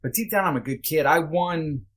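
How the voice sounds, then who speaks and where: A man's voice: fairly high pitch, normal speed, fairly bright tone. A man guest on a podcast, candidly telling a personal story in a loose, conversational way, blunt and sometimes swearing. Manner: loose and conversational, with many fillers.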